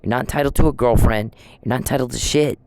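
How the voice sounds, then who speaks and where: A woman's voice: extremely low pitch, quick pace, a little mellow, dry recording. A woman ranting straight at someone in a blunt, accusatory, profane vlog monologue. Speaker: vlogger. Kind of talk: angry direct-address rant.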